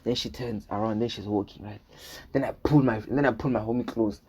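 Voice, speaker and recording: A man's voice: lowish voice, steady tone, a little fast, a little mellow, a little hiss or hum. A young man casually telling a storytime vlog, rambling, repeating words and often asking "right?" as he acts out what people said. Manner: acts out dialogue in his retelling.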